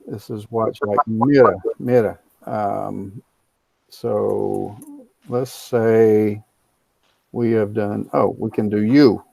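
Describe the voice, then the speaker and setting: A man leads an online English lesson at an unhurried, careful pace, repeating key words so students can follow. His voice is gravelly, with a dry, close sound and no room echo. He explains grammar patiently and now and then offers a quick Spanish translation. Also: medium pitch, warm tone. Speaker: ESL teacher. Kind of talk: online class teaching.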